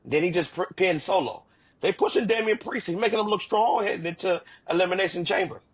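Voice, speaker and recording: A man with a husky, slightly high voice, co-hosting a wrestling podcast. He retells matches in loose, animated casual talk and restarts his sentences often. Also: a little fast. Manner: animated storytelling with repeated restarts. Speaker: podcast co-host. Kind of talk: casual wrestling recap chat.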